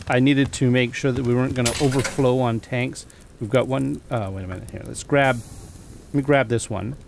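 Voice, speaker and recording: A man's voice: mid-range voice, slight background noise. A man giving casual commentary over his survival game, thinking aloud, counting items and chuckling at his own mistakes. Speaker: gameplay commentator. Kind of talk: casual let's-play commentary.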